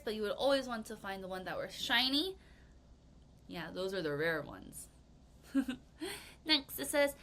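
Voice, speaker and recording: A young woman teaching English vocabulary to children in a recorded lesson, expressive and playful, acting out reactions with gasps and exclamations. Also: on the high side.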